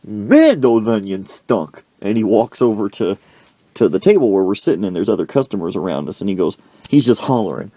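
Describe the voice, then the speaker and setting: A male podcast host telling a comic story from his own life in an animated, slangy way. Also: on the low side, fast talker, no room sound.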